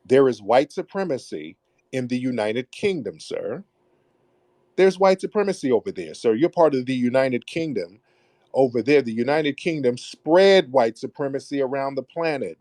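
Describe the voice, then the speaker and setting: A man hosting a live call-in debate, forceful and insistent, repeating his points and cutting callers off. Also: medium pitch, dry recording, clean studio sound. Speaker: host of a live call-in audio show.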